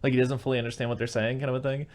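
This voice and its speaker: A man co-hosting a podcast, chatting casually about movies and retelling scenes in an animated way. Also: mid-range voice, racing, slight background noise. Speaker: podcast co-host.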